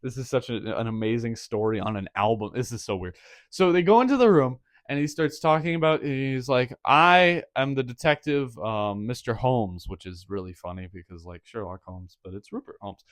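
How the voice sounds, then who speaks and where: A man's voice: mid-range voice, fairly quick, a little mellow, dry recording. A young man hosting a record review, animatedly retelling a story in a rambling, laughing way. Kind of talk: casual review monologue.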